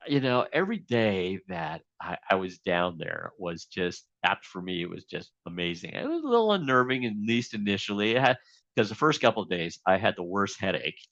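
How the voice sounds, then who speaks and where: A man's voice: lowish voice, big pitch swings, normal speed, a bit bright, no echo, dull audio. A man being interviewed as a guest, telling a long story casually with many fillers and restarts.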